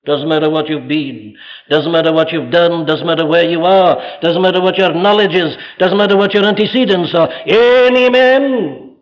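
A man preaching from the pulpit in a high-pitched voice, fervent and pleading, building often into loud exhortation. The recording is dull and lo-fi. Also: steady tone, fairly quick. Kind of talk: sermon. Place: church pulpit.

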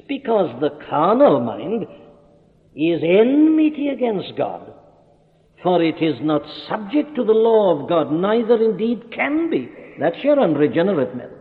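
Emphatic preacher man in an echoing hall. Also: high voice. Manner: emphatic, reasoning aloud with rhetorical questions. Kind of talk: expository sermon. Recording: tinny lo-fi recording with long hall reverb.

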